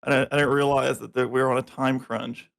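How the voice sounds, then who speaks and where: A man's voice: mid-range voice, level tone, brisk, creaky, a bit bright. A young man on a podcast as a guest, chatting casually, laughing often and stumbling through his sentences. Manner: laughs often, hesitant with restarts. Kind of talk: casual chat.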